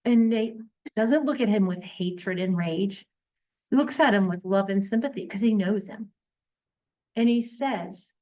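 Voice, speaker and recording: A woman's voice: sits high, a little mellow. A woman leading a book discussion, reading a novel aloud and then talking it over in an earnest, emphatic way. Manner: earnest, emphatic, checks listeners follow. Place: classroom or church meeting room. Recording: echoey room, mic far off.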